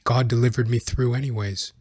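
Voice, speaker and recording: A man's voice: medium pitch, fairly even intonation, a little fast, warm tone, breathy edge, no echo. Profane rambling podcast man. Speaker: podcast host. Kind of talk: casual solo monologue.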